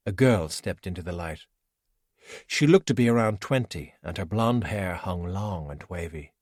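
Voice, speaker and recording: A man narrating an audiobook with expressive storytelling. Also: deep voice, dry recording, studio quality. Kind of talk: scripted narration.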